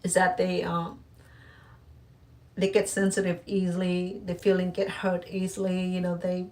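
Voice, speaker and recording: Middle-aged woman, casual confiding vlogger, halting delivery with restarts, mic slightly far. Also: on the low side, completely flat delivery, a little mellow. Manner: rambling, halting, many restarts and fillers. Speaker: cooking channel host. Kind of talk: casual personal talk to camera.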